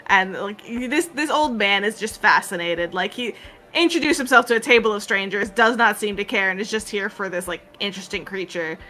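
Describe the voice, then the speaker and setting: Woman game master, bright tone, rambling casual narration. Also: mid-range voice, fairly quick. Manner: rambling, full of "like" and "um".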